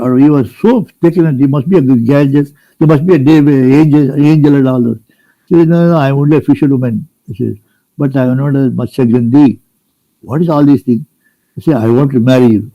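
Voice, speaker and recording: A man's voice: on the high side, no echo, muffled recording. An older man from India retelling a scripture story to a group, rambling, restarting and asking plain questions as he goes. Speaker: spiritual storyteller.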